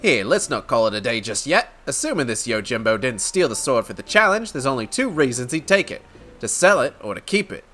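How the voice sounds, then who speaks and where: A man voicing a charming, smooth-talking male rogue in a game, with a theatrical British-tinged drawl. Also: medium pitch, sing-song, fairly quick, a bit bright, faint music behind. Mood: roguish.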